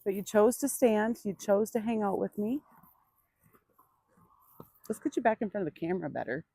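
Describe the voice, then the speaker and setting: A woman in an outdoor pen, explaining each step of a training session to viewers. She sounds dry and close, at a middle pitch. Her voice drops to a gentle, coaxing murmur when she speaks to the animal. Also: normal speed, no room sound. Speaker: burro trainer. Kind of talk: hands-on training demonstration.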